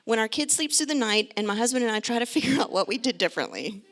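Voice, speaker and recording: A middle-aged woman, a pediatrician, giving a lively, joking and direct talk to parents. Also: on the high side, quick pace. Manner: chatty, direct, joking asides.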